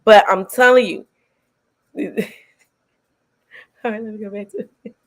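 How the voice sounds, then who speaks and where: A woman hosting a film reaction show, chatting casually and excitably, laughing often and using slang. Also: mid-range voice, unhurried.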